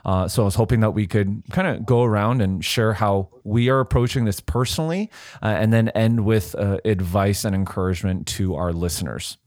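A low-voiced man hosting a podcast who keeps the talk on course in a steady, easy tone. His voice is dry and close to the mic. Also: brisk, no echo. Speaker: podcast host. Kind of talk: casual podcast chat.

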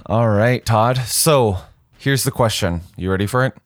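A man's voice: fairly low pitch, measured pace, dry recording. A man co-hosting a ministry podcast, playful and asking questions, then explaining step by step. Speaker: podcast co-host. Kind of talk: casual podcast chat.

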